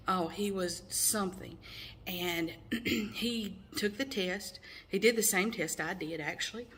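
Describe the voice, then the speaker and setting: A woman's voice: on the low side, fairly bright tone, slight background noise. Earnest woman telling her own story. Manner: earnest, storytelling with many fillers. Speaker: mother sharing her testimony. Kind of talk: personal testimony to camera.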